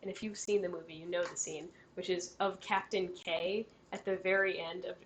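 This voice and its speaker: A woman's voice: lowish voice, steady tone, normal speed, a little hiss or hum. A young woman acting as game master for a tabletop role-playing game, chatty and often breaking into laughter.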